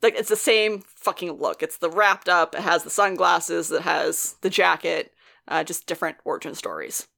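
A woman's voice: lowish voice, normal speed, gravelly, bright, forceful tone. A woman co-hosting a podcast, giving a casual, laughing recap of a TV episode and swearing freely. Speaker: podcast co-host.

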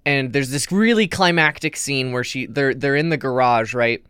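A man on a casual podcast, retelling a movie plot in animated detail with lots of fillers. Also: medium pitch, moderate pace, clear, resonant tone, no echo, studio quality. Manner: animated storyteller, many fillers. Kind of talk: casual chat.

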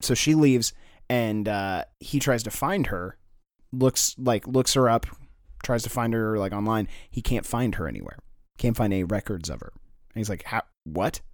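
A man's voice: lowish voice, animated, normal speed, no room sound, clean studio sound. A man in casual chat, brainstorming a story, rambling with many fillers and swearing as he acts out characters' lines.

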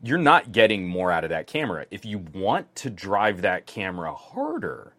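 A man with a very deep voice co-hosts a casual tech podcast. His pitch rises and falls a lot, and his delivery is animated. The sound is dry and close. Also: normal speed, dry recording. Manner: animated, acts out quoted people in mock voices. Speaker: podcast co-host.

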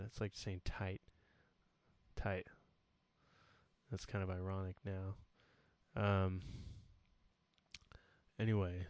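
A man's voice: fairly low pitch, a little mellow, no echo. A young man hosting a podcast, rambling through a goofy, self-deprecating solo sign-off in casual chat. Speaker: podcast host.

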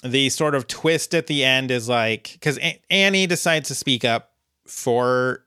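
A man co-hosting a podcast, recapping an episode in a relaxed way with dry humor and lots of ums. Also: medium pitch, a little slow, clean tone, dry recording. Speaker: podcast co-host.

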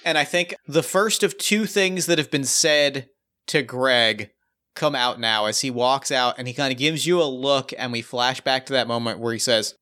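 A man's voice: medium pitch, normal speed, bright, forceful tone. A man running a tabletop wrestling game as game master, narrating in a loose, rambling way full of fillers and restarts.

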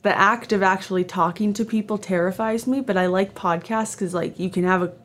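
A woman's voice: mid-range voice, a little fast, fairly bright tone. Twenty-something canadian woman just rambling on her podcast, lots of likes and ums, kinda self-deprecating. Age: 20s. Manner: chatty, rambling, self-deprecating with many fillers. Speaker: podcast host. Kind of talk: casual solo podcast monologue.

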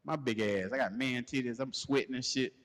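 A man hosting a podcast, telling a crude comedic story in a loose, animated way and laughing as he goes. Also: medium pitch, brisk. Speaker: podcast host. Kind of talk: casual comedic storytelling rant. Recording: long hall reverb.

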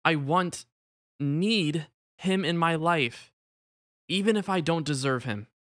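A man voicing a young male novice who ran away, speaking in a halting, contrite way. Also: on the high side, a bit bright, no room sound, studio quality, voice pushed up. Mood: pleading. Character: young male runaway novice, ashamed and remorseful.

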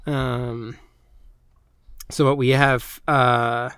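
A man's voice: mid-range voice, little pitch movement, very slow, a bit bright, clear, resonant tone, no room sound, studio quality. A man hosting a casual podcast chat, hesitant and full of ums as he organizes the group. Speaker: podcast host.

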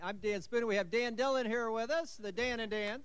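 Chatty high-voiced man running a raffle. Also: normal speed. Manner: chatty, fumbling, good-humored. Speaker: raffle host at an event. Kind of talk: live event announcing.

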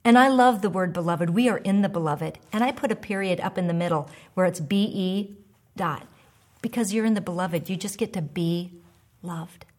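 A woman in her fifties giving a devotional teaching talk, animated and emphatic, sometimes dropping to a soft hush. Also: lowish voice, moderate pace. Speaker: devotional speaker and author.

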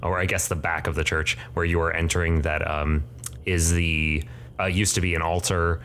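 A man's voice: sits low, level tone, moderate pace, a bit bright, a little hiss or hum. A man narrating as game master for a tabletop game, hesitant with many fillers.

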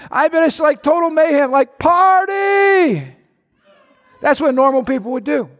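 A male pastor preaching a sermon in a church, animated and emphatic, with sudden bursts of shouting and playful mimicry. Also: very high-pitched. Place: church hall. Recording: echoey church hall.

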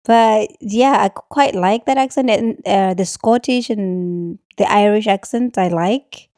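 Woman from england, mellow voice, blunt and laughy, dry sound. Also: mid-range voice, unhurried, dry recording. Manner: frank, laughs often. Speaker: podcast host. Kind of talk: casual chat.

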